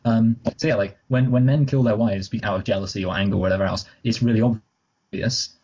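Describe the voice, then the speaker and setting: A man with a low, husky voice talks through a film in a loose, rambling way, with a dark, mellow tone. He corrects himself often and slips in joking asides while co-hosting a casual review chat. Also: fairly even intonation, fairly quick, muffled recording. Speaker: podcast co-host.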